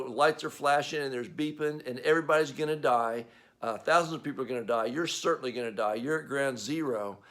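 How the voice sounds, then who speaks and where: A man's voice: medium pitch, fairly bright tone. A man with an Australian accent preaching a sermon as pastor, in a conversational way with frequent fillers.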